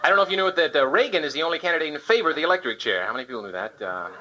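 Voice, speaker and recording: A stand-up comedian with a fairly high, animated voice races through topical political one-liners, slipping into short sung bits. The muffled recording comes from an old live club tape with loud hiss, and audience laughter can be heard.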